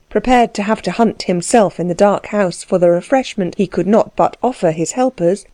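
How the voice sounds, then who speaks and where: A woman reads a novel aloud in a measured, even way, close to the mic. Her mid-pitched voice is mellow and soft-edged, and the recording is dry with no room sound. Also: dry recording. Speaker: audiobook reader. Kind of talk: scripted narration.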